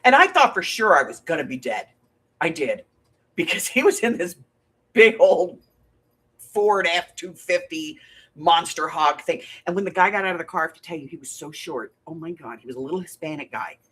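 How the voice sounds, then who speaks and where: Husky lady chatting on her craft livestream, voice jumps all over, laughs a lot, middle-aged. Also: fairly low pitch, moderate pace. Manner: chatty, animated storyteller, laughs often, greets viewers by name. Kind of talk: casual chat to live viewers.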